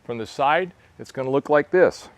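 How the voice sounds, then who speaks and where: A man's voice: mid-range voice, moderate pace. A man in his sixties, close to seventy, demonstrating fitness exercises for fly fishers, plain-spoken and coaching as he moves. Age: 60s. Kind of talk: casual instructional demo. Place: outdoor covered veranda in a park.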